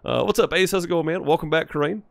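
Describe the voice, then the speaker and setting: A man's voice: on the high side, quick pace, gravelly, dry recording. A man live-streaming a farming game, chatting casually with viewers in a rambling, easygoing way. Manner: laid-back and rambling, with frequent "uh" and "man".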